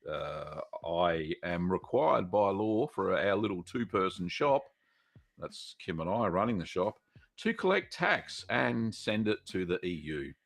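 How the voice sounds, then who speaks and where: A man's voice: sits low, very animated, unhurried, vocal fry. A middle-aged Australian man hosting a live cheese-making Q&A stream, chatting casually with many fillers and greeting viewers by name.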